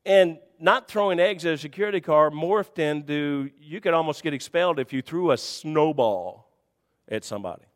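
A man preaching a sermon in a folksy, conversational way, dropping to quiet murmurs and rising to high shouts. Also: expressive, normal speed, long reverb tail.

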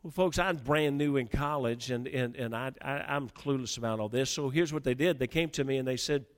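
A middle-aged man preaching, telling a personal story in a sermon, with many restarts and stammers as he builds from a quiet start to fervent emphasis. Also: mid-range voice, a little fast.

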